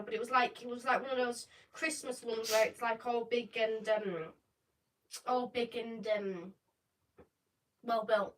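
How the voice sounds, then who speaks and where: Bright-voiced woman rambling on a live stream. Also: fairly high pitch, far from the mic, poor audio. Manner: rambling, halting storyteller. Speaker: channel host. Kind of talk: casual live-stream chat.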